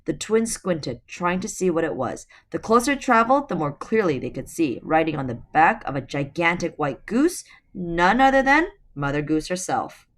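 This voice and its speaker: Low-voiced woman reading a storybook aloud. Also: sing-song, normal speed, few pauses. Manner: chatty asides to viewers. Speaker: storybook reader. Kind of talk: reading a novel aloud to viewers. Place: at home, on her bed.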